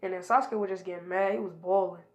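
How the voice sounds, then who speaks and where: A woman's voice: lowish voice, fairly even intonation, quick pace, a little mellow, dull audio. A woman casually retelling an improvised fan story, rambling from event to event with lots of hesitation fillers. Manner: rambling, strings events with "and then he was like".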